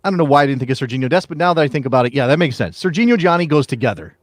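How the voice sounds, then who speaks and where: A man's voice: mid-range voice, very animated, racing, dry recording, clean studio sound. A man hosting a live soccer show, chatting and joking, often trailing off and restarting. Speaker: podcast host. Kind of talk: casual sports chat.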